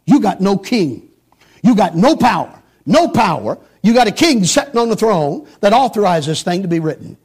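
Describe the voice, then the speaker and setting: A man's voice: high voice, sing-song, moderate pace, a little mellow, breathy edge. A middle-aged man preaching a sermon emphatically, repeating phrases for stress and climbing sharply on rhetorical questions.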